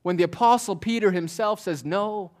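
A pastor preaching a sermon, moving between forceful declarations and quiet, almost whispered asides. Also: male voice, fairly high pitch, lively intonation, normal speed. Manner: swings from loud declaring to hushed near-whispers.

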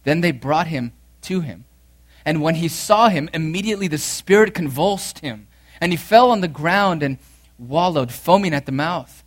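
A man preaching a sermon in a fairly high voice. He reads scripture aloud and drives his points home by repeating key phrases. His delivery is earnest and swings between loud emphasis and quiet intensity. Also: expressive, normal speed. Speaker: pastor.

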